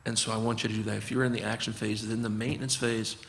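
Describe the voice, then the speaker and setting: A man's voice: on the low side, level tone, quick pace, vocal fry, fairly bright tone, in a large hall, a little hiss or hum. A man, a physician guest, talking earnestly and explaining his approach, often acting out conversations with patients. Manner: earnest, acts out dialogues with patients.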